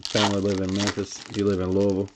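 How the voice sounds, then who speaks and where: A man's voice: deep voice, completely flat delivery, fast, noisy background. A man with a Tennessee Southern accent hosting a live card break, reading off player names in a laid-back drawl while chatting with viewers. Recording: lo-fi stream audio.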